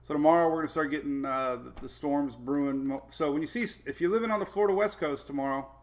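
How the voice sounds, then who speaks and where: Gravelly, chatty weather host. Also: male voice, on the high side, fast talker. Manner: rambling, reads out viewer names and talks to his puppies. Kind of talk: casual live-stream chat.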